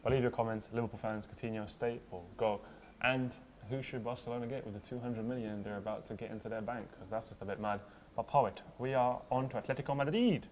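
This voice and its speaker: A man with a mid-range voice fires off football talk at high speed. He is teasing and animated, tossing slang at his co-host, with faint room noise from the office behind him. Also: quick pace. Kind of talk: casual football debate.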